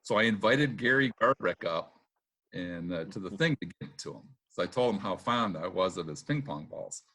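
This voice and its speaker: A middle-aged man and former racer, a podcast guest who tells anecdotes casually, acts out the lines of the people in his stories and fills pauses with "uh" and "um.". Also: low voice. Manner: lively anecdotes, acts out quotes, laughs often; filler-heavy with "uh" and "um". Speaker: retired boat racer, guest. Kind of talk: casual storytelling interview.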